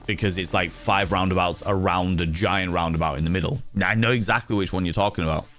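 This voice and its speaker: A man's voice: low-pitched, fairly even intonation, fast talker, fairly bright tone, soft background music. A British man hosting a livestream, telling stories animatedly, swearing freely and teasing his chat. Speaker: livestream host. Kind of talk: casual chat with viewers.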